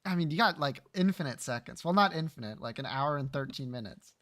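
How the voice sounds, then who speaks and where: A man joking around with a friend on a gaming voice call, ribbing them. His voice sits high and bright, and he swings his pitch up and down a lot as he talks. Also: expressive, fairly quick. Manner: teasing, joking. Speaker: friend on voice chat. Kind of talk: casual chat while gaming.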